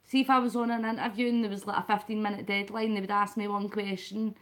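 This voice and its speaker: A woman's voice: mid-range voice, little pitch movement, fast talker, a bit bright. A Scottish woman hosting a late-night live stream, talking casually and at length to her viewers and greeting them by name. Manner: rambling and chatty, talks to the chat by name.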